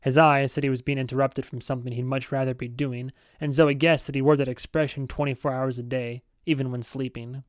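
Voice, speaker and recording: A man narrating a novel as an amateur audiobook reader, steady and with self-aware asides. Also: mid-range voice, fairly quick, hardly any pauses, no echo, studio quality.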